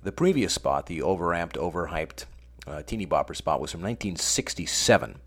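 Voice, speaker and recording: A man's voice: low-pitched, big pitch swings, brisk. A middle-aged American man hosting a scripted comic radio monologue with dry, sardonic asides. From United States. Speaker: radio show host.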